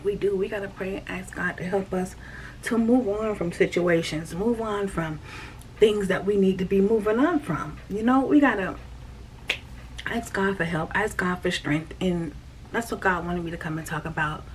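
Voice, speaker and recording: A woman, talking earnestly and repetitively about her faith in a casual vlog, often dropping to a soft, breathy near-whisper. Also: medium pitch, normal speed. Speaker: faith vlogger. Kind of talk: casual spiritual talk. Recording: distant mic with faint noise.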